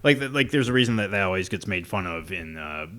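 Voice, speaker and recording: A man's voice: deep voice, animated, fast, sharp tone. A man co-hosting a podcast in casual chat, hesitant and often trailing off with fillers. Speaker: podcast co-host.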